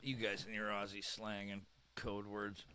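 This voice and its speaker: Chatty Canadian man, lowish voice. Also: completely flat delivery, measured pace, bright, forceful tone, smooth. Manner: chatty and candid, thinking aloud. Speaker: livestream reactor. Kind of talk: casual live reaction chat.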